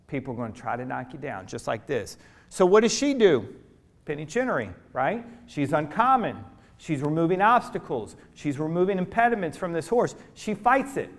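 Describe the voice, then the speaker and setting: A middle-aged motivational speaker with a fairly high-pitched voice delivers a keynote, telling a story with drama. He swings between hushed asides and loud, preacher-like calls to the audience.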